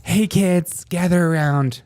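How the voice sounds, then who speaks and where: A man's voice: sits high, takes it slowly, darkish tone, no room sound, studio quality, pitched above the performer's own voice. A man putting on a smug, sing-song mom. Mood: mocking. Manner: mocking, exaggerated sing-song. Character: smug mother gathering her kids for a speech.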